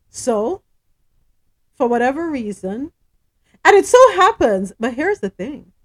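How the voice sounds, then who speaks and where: A woman hosts a casual news program, moving between reading stories and giving her own emphatic commentary. Her pitch swoops widely as she talks. She often leans on rhetorical questions to drive her point home. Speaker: host.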